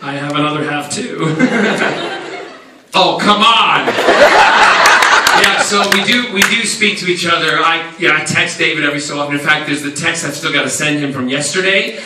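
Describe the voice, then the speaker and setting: A man's voice: on the high side, normal speed. A man answering fan questions as a convention panel guest, telling camp comic stories with lots of laughter. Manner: animated, laughing, camp storyteller. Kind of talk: comic storytelling to a crowd. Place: large convention hall. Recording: echoey hall from far off, loud crowd and noise.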